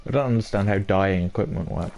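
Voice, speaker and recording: A man's voice: sits low, fast talker, darkish tone, a little hiss or hum. A man giving casual gameplay commentary as a streamer, musing and asking himself questions as he plays. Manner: musing, self-questioning asides. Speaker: gaming streamer.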